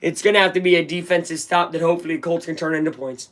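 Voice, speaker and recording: A man's voice: fairly high pitch, fairly even intonation, quick pace, fairly bright tone. A man giving live play-by-play commentary on a game as a fan, talking in a casual, rambling way and openly voicing his frustration. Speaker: fan watch-along commentator.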